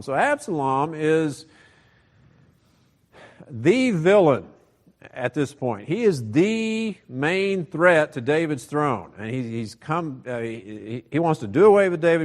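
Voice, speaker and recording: A man's voice: fairly high pitch, a little mellow. A male pastor preaching a sermon, explaining a scripture passage in a teaching manner.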